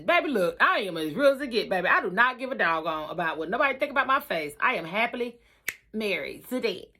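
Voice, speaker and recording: A woman vlogging her life story in a bright, forceful voice, talking casually and animatedly. She repeats phrases for emphasis and swings between loud and quiet. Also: medium pitch, animated, fast talker.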